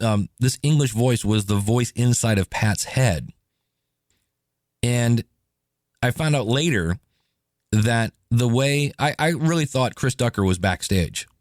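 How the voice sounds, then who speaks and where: A man hosting a podcast, telling stories in a casual, animated way and acting out quotes. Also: on the low side, dry recording, studio quality. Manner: animated, chatty, acts out quotes. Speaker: podcast host. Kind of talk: casual solo podcast storytelling.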